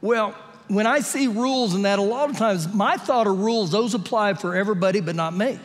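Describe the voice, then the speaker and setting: A male pastor preaching a sermon during a live church service, telling animated, humorous stories and acting out the voices in them. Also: high voice, a little fast, slight background noise. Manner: animated storytelling, acts out quotes with humor. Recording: live church audio with long hall reverb.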